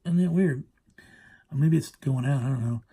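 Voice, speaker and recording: A man's voice: medium pitch, moderate pace, warm tone, slightly rough. A man reviewing a horror movie remake in a casual vlog, rambling through the plot and backtracking to correct himself. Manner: rambling, backtracking, retelling plots.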